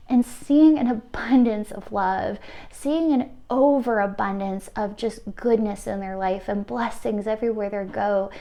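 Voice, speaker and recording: A woman's voice: medium pitch, warm tone. A woman giving an intuitive card reading to viewers, gushing and emotional with frequent light laughs. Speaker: tarot reader.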